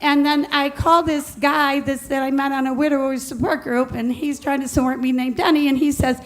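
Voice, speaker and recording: A middle-aged woman telling a personal story to an audience, animated and laughing as she goes, acting out what others said. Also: high-pitched, moderate pace.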